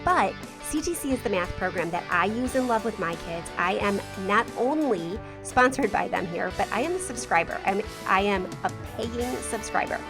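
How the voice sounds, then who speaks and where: A woman's voice: medium pitch, animated, normal speed, few pauses. Chatty woman podcast host over music. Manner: chatty, enthusiastic. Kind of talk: podcast ad read and talk. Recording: music bed behind voice.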